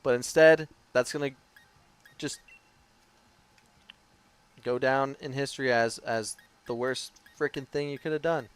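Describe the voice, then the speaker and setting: A man's voice: medium pitch, fairly even intonation, a little slow, long pauses, smooth. A man giving live video game commentary, talking back to the game with pleading and groaning. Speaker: gaming streamer.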